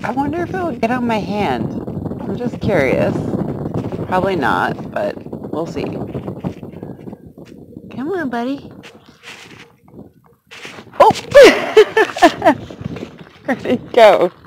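A woman's voice: on the high side, wildly swooping pitch, slow pace, pauses often, very noisy. A woman vlogging outdoors at night on her phone, gushing and giggling as she coaxes a grasshopper onto her hand. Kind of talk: excited casual vlog. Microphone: handheld phone camera.

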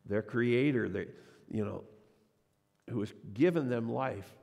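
A man's voice: mid-range voice, measured pace, vocal fry, a little mellow. A man preaching a sermon as a pastor, telling a personal story and acting out the voices of the people in it. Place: church sanctuary. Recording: long church reverb.

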